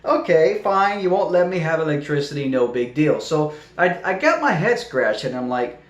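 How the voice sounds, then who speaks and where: A man's voice: high-pitched, animated, moderate pace. Exasperated man in an echoey room. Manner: exasperated, incredulous, laughs often. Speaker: vlogger building a container home. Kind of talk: casual video diary. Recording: echoey room with faint music.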